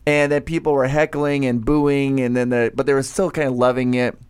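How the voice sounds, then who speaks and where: A man's voice: medium pitch, brisk, smooth, no echo. A man working as a convention emcee, telling stories in a casual interview and acting out what people said. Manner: animated storyteller who acts out what people said.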